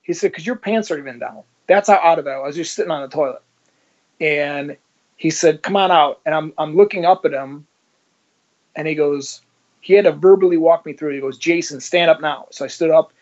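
Guy telling his story, kinda high voice, swears a lot, plays all the parts, dull muffled audio. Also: fairly quick, a little mellow. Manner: vivid, swears, acts out dialogue. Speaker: interview guest. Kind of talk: personal storytelling. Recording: dull lo-fi sound.

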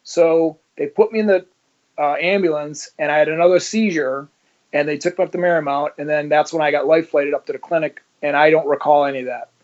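In a casual interview, a middle-aged man who used to be a police officer shares his story a little fast, his fairly high voice keeping a fairly even intonation as he plays out the dialogue he quotes. Audio quality is lo-fi and slightly muffled.

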